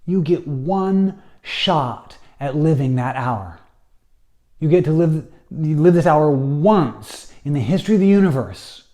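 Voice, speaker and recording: A man gives a Bible lesson at an unhurried pace. His voice is dark and mellow, and he exhorts his listeners with urgency, now and then slipping into the imagined thoughts of ordinary people. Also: fairly high pitch, sing-song. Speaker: Bible study teacher.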